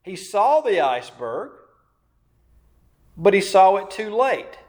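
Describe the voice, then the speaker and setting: A man preaching a sermon, slow and emphatic, repeating phrases and asking questions of his listeners. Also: high-pitched, big pitch swings. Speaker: pastor.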